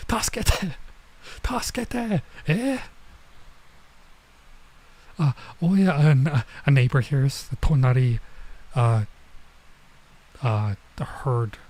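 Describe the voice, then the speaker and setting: Slow, mellow male streamer. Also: mid-range voice, rough recording. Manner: thinking aloud, hesitant, translating as he goes. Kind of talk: reading a manga aloud while studying.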